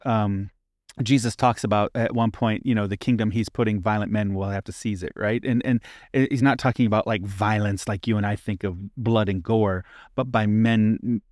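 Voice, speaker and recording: A man's voice: on the low side, a little mellow, no echo, studio quality. A man co-hosting a faith podcast as a pastor, talking through a question earnestly and often checking in with "right?". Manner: earnest, uses frequent "right?" tags. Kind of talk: casual faith discussion.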